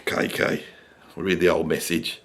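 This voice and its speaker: A man's voice: sits low, little pitch movement, normal speed, breathy edge. A man playing a grumpy Birmingham rock veteran in his sixties, with a Birmingham accent, rambling, swearing constantly and grumbling in a comic rant. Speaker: comedy character.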